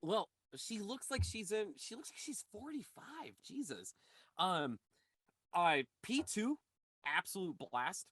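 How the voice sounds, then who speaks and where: A man's voice: high voice, slow pace, slightly rough, no echo. A man co-hosting a podcast, talking casually, swearing freely and blurting out asides. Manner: profane, lively, blurts out asides. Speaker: podcast co-host. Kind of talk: casual chat.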